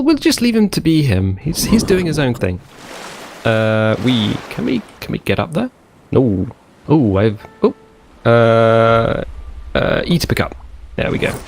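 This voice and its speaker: A man's voice: a little high, creaky. A man casually commenting on his own gameplay, chatty and rambling, talking to himself as he goes. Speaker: gaming channel host. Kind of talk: casual let's play commentary.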